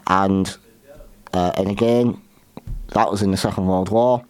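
A man hosting a show, talking through history in a halting way with many restarts and fillers. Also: deep voice, fairly even intonation, darkish tone, clear, resonant tone, dry recording. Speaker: podcast host. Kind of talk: unscripted history commentary.

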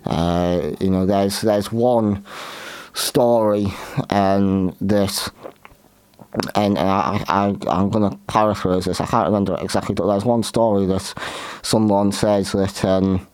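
A man hosting a show, talking through history in a halting way with many restarts and fillers. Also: lowish voice, fairly even intonation, a little mellow, clear, resonant tone, dry recording. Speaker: podcast host. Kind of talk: unscripted history commentary.

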